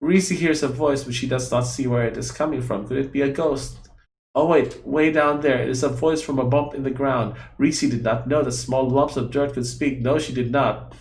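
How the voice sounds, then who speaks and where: A man playing a small, fretful female guardian in a game, childlike and eager to please. She speaks of herself in the third person in broken grammar, with a gravelly edge in an echoey room. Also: medium pitch, steady tone, moderate pace, a little mellow, lightly acted.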